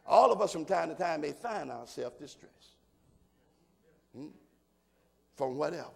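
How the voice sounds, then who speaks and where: An older man preaching a sermon, swinging from low murmurs to shouted preaching and throwing questions to the congregation. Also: lively intonation, measured pace, creaky, husky. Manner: call-and-response asides to the congregation. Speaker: pastor.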